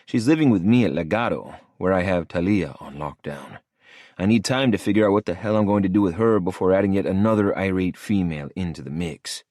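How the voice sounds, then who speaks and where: A man's voice: low-pitched, animated, fairly quick, a little mellow, no room sound. A man narrating a first-person audiobook in a cool, hard-edged manner, close to the mic.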